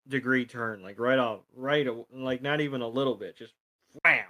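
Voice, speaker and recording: A man's voice: medium pitch, moderate pace, bright, forceful tone. Jokey, crude male podcast co-host. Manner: jokey, crude, rambling with fillers. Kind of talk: casual episode recap chat.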